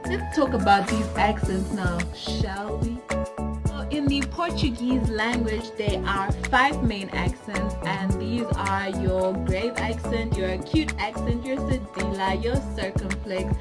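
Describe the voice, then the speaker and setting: A woman's voice: mid-range voice, slow pace, loud music behind the voice. A woman from Zimbabwe giving a casual video lesson, chatty and explaining with examples. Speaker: language teacher YouTuber.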